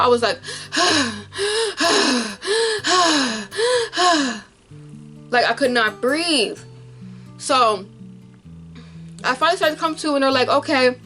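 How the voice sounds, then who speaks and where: A young woman vlogger, emotionally retelling a frightening medical episode in a casual, animated way to camera. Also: high voice.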